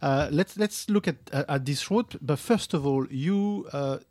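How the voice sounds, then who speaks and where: Halting man hosting a podcast. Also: fairly high pitch, darkish tone, dry recording. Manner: hesitant, many fillers and restarts, laughs often. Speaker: podcast host. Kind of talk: casual studio podcast chat. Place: studio. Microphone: studio mic.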